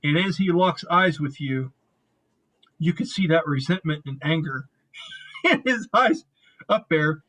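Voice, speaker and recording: A man's voice: fairly high pitch, sing-song, a little slow, long pauses, a bit bright, poor audio. A man acting as game master, narrating a tabletop game in a casual, rambling way and swearing now and then.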